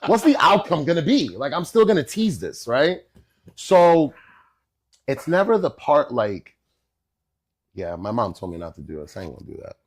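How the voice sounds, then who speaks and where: A middle-aged man, a chef and podcast guest, telling stories in a casual, animated way and often checking in with "bro" and "right?". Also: mid-range voice, normal speed, long pauses. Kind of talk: casual storytelling chat.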